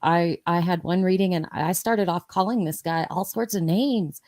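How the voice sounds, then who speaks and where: A woman with a fairly low voice, talking as co-host in a casual chat. She tells stories about her sessions at a relaxed, conversational pace. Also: normal speed. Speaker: host and medium.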